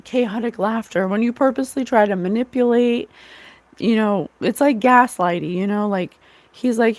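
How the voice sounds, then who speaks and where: A woman's voice: fairly high pitch, normal speed, a little mellow, dry recording. A woman giving a casual, rambling psychic tarot reading, full of fillers and asides. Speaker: psychic reader.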